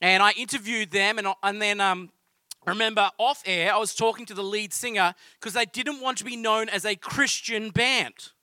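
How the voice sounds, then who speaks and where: A man's voice: high voice, steady tone, moderate pace, sharp tone, no room sound. A man with an Australian accent preaching a sermon in a conversational, storytelling way. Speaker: pastor.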